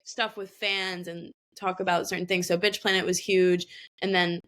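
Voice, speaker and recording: A woman's voice: lowish voice, little pitch movement, normal speed, a bit bright. A woman in her twenties chatting animatedly as a podcast guest, full of fillers and laughter. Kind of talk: casual chat.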